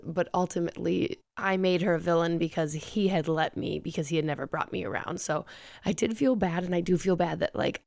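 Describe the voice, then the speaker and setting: A woman's voice: fairly low pitch, creaky. A young adult woman hosting a podcast, telling a personal dating story in a confessional way and acting out what others said. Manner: confessional, animated quoting of others. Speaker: podcast host. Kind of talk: candid storytelling chat.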